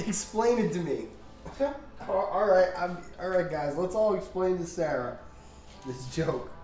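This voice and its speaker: A man's voice: high voice, lively intonation, unhurried, a little mellow. A man hosting a livestream, casually telling jokes and giggling through them, in a roomy space with faint music behind. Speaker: livestream host.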